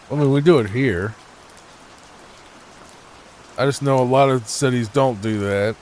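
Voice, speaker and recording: A man from the United States giving soft-spoken, rambling gameplay commentary meant for falling asleep, full of hesitations. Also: medium pitch, slight background noise. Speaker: gaming channel host.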